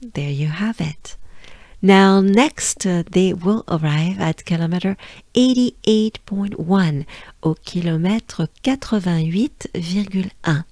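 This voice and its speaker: Losing her voice, which sounds somewhat strained, a French-accented woman from France leads a slow pronunciation lesson, patiently repeating and drilling sounds. She speaks slowly in a fairly low, slightly mellow voice. The studio-quality audio has no echo.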